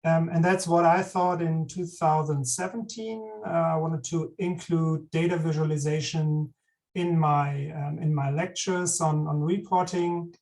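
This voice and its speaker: A middle-aged German-accented man presents to a user group over a video call. His pitch stays flat, he pauses and restarts often, and his voice sounds set back from the mic. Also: distant mic, poor audio. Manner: relaxed, hesitant with many fillers and restarts. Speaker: guest speaker, business professor. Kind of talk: conference presentation.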